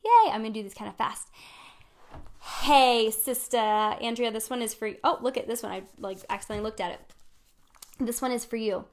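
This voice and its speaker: A woman in her thirties giving a casual live card reading, affectionate and upbeat, calling her viewers sweet friends. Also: a little high. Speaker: spiritual coach hosting weekly card pulls.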